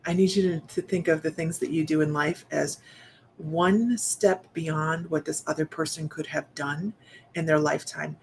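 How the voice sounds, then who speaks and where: Soft-spoken woman medium, halting. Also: sits low, fairly even intonation, gravelly, a little hiss or hum. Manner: soft, halting delivery with many restarts; speaks straight to viewers. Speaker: psychic medium. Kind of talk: live-streamed psychic reading.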